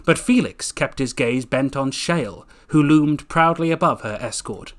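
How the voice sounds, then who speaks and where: A man's voice: medium pitch, normal speed. A man reading his own book aloud casually, tripping over words and correcting himself with jokey asides.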